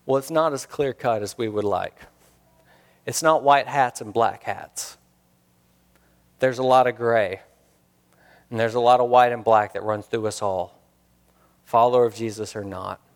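Earnest male pastor preaching in a reverberant hall. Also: medium pitch. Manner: earnest, rhetorical questions, repeats key lines for emphasis. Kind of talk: sermon.

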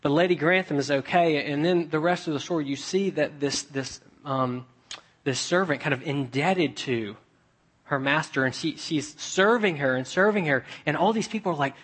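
A young man preaching a sermon, telling stories in a chatty way and dropping to a hush for emphasis. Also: a little high, normal speed, breathy edge. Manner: conversational storytelling with dramatic hushed drops.

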